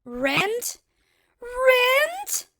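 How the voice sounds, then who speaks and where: Here the same spoiled princess is furious, her very high, gravelly squeal crackling as she slowly and indignantly stretches out each shrill complaint. It's heavily acted audiobook character work, very animated, pushed and bright. The recording is dry and close, with nothing of the room around it.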